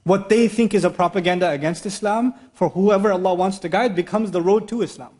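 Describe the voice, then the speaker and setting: A male teacher gives an animated religious lecture. He keeps asking rhetorical questions and acts out little exchanges. His voice sits notably high for a man. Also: fairly quick. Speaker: Islamic teacher. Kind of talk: lecture sermon.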